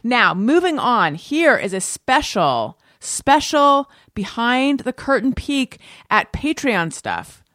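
A young woman hosts a casual podcast chat, laughing easily and talking quickly. Her pitch swings widely as she jokes. The recording is dry and close, with no room sound. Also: no room sound. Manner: animated, laughing, talks quickly. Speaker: podcast host.

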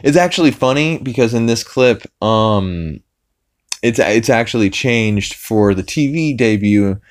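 A man's voice: mid-range voice, animated, measured pace. A man hosting a podcast, recapping an episode casually and rambling with many fillers and restarts. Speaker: podcast host.

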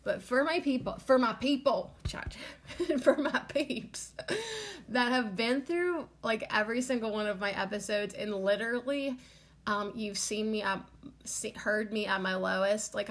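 A woman talking alone on her podcast in a loose, meandering way, with "like" in almost every phrase. She sounds tearful and keeps herself from crying. Her voice sits at a middle pitch. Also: unhurried, fairly bright tone. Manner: rambling, lots of "like" fillers, emotional. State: tearful, holding back crying. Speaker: podcast host. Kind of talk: casual solo podcast monologue.

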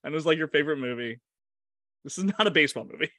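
A man's voice: a little high, animated, very fast, bright, forceful tone, no echo, clean studio sound. A man co-hosting a casual movie podcast, chatty and hesitant, often restarting his sentences and laughing. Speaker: podcast co-host. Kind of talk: casual movie-discussion chat.

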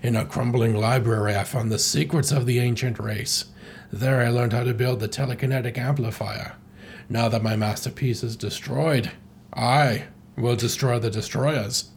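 A man voicing a smug, vengeful male ape villain in a comic, speaking slowly and menacingly. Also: mid-range voice, steady tone, vocal fry, a little hiss or hum, lightly acted. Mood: gloating. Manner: slow, drawn-out, menacing delivery.

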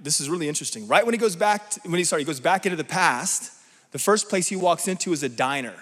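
Animated preacher in a reverberant hall. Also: male voice, on the high side, fast talker. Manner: animated, asks the crowd "right?" often. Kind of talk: sermon.

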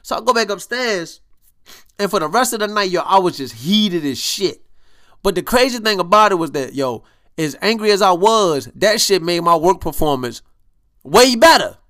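Animated profane young man telling a story. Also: high voice, moderate pace. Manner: animated, profane street slang, acts out quotes. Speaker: podcast host. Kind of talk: casual storytelling monologue.

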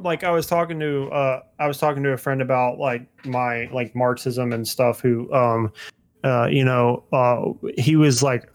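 A man hosting a casual podcast chat, rambling with lots of fillers and swearing. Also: mid-range voice. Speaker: podcast host.

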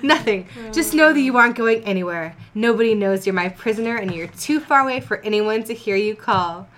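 A woman's voice: mid-range voice, lively intonation, a little fast, fairly bright tone, lightly acted. A woman voicing a gloating, teasing villainous pony queen in a comedic fanfic reading. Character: sneering villainous insect-like pony queen, female.

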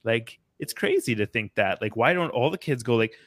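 A man's voice: medium pitch, moderate pace, dry recording. A man chatting casually as a podcast co-host, telling stories animatedly and acting out what others say. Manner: animated storyteller, acts out quotes. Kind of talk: casual chat.

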